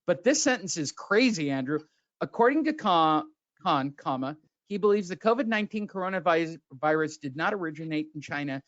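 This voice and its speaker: A man's voice: fairly high pitch, expressive, a little fast, a bit bright, no echo. A man hosting a boxing podcast, ranting sarcastically with lots of swearing. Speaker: podcast host. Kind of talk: profane casual boxing chat. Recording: dull lo-fi sound.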